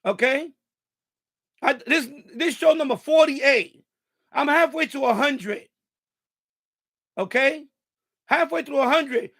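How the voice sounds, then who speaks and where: A man's voice: extremely high pitch, slow pace, creaky, pauses often, fairly bright tone. A man hosting a live stream, ranting angrily and profanely at a viewer in the chat. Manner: angry, profane, repetitive rant.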